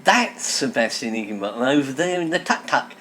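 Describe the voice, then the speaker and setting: A man's voice: mid-range voice, expressive, brisk, bright, forceful tone, slight background noise. A man voicing a confused, plummy Englishman who has lost his memory, in a comedy sketch. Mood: bemused.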